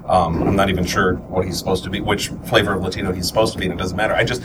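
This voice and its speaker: A man's voice: low-pitched, steady tone. A man from New York with a New York accent, a voice actor chatting casually and restarting often. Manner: fast, stammering restarts. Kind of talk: casual chat. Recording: distant mic, noisy room.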